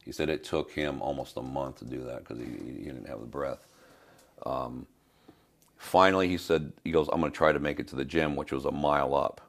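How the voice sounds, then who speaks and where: Older male trainer from Spain, very deep and gravelly, halting storyteller. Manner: retells scenes with halting restarts and repeated words. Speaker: fitness trainer, podcast guest. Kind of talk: storytelling in an interview.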